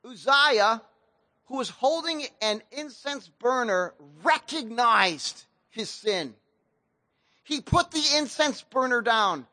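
Bright, high-voiced casual preacher. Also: male voice, takes it slowly, no room sound. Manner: casual slang-laced preaching, animated storytelling. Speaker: pastor. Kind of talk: sermon.

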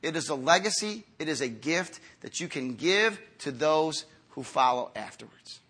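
A man in his fifties preaching a sermon to a congregation, earnest and conversational, moving from quiet, slow lines to emphatic ones. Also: on the high side, animated, slightly rough. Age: 50s. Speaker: pastor.

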